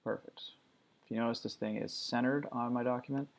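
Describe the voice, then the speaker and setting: A man teaching, talking through a screen-recorded software tutorial in a relaxed, step-by-step way. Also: medium pitch, brisk, creaky. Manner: relaxed step-by-step walkthrough talk.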